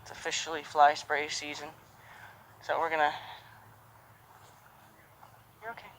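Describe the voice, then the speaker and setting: Bright-voiced horse trainer coaching outdoors. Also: medium pitch, measured pace, slight background noise, poor audio. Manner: calm coaching, repeated soft praise to a horse. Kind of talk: live training commentary.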